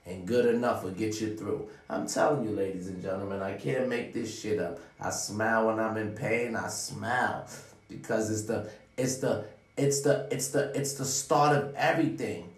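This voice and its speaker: A man with a lowish voice giving a rambling, profanity-laced motivational talk to his audience. He sounds like he is sitting back from the mic in an echoey room. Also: normal speed, distant mic. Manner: preachy, profane, repeats "ladies and gentlemen". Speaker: vlogger giving life advice. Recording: roomy sound, away from the mic.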